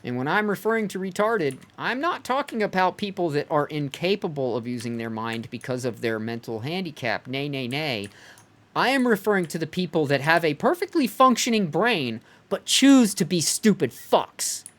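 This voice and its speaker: A man's voice: a little high, very animated, moderate pace, fairly bright tone. A man ranting heatedly and profanely during a game live stream, sometimes mocking others in put-on voices. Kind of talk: live-stream rant while gaming.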